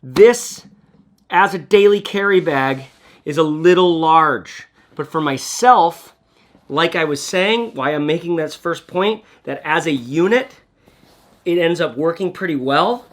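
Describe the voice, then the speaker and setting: A man's voice: on the high side, lively intonation, unhurried, fairly bright tone. A man casually reviewing a backpack in a vlog, chatty and rambling, often restarting his sentences. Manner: rambling, self-correcting, chatty. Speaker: gear reviewer. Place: friend's workspace, indoors.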